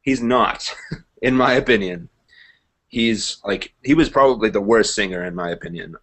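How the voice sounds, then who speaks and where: A man's voice: on the low side, normal speed, fairly bright tone. A young man co-hosting a casual movie review chat, opinionated and hedging his views. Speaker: co-host.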